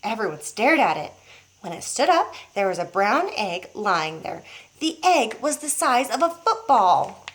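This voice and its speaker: A teacher reading a children's book aloud to young pupils, pausing to show the pictures. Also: female voice, a little high. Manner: expressive, showing pictures as she reads.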